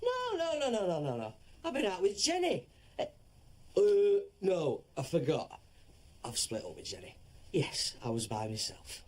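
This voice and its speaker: A drunk rambling friend. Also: male voice, on the high side, wildly swooping pitch, normal speed. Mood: tipsy. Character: drunk, newly single man, rambling. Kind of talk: TV drama acting.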